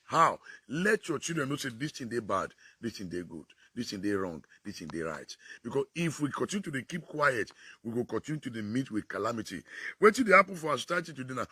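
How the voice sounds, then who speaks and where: A man's voice: medium pitch, slightly rough, no room sound. A man with a Nigerian accent, talking about society in casual Pidgin with an exclamatory delivery. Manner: animated, exclamatory.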